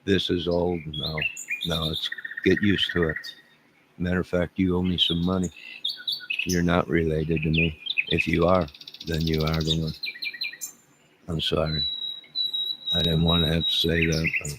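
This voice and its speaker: The host, a middle-aged man, speaks in a rumbling low, flat voice, unhurried and with long pauses, as he rambles and jokes through his live stream chat. Heavy background noise and loud chirping birds are audible.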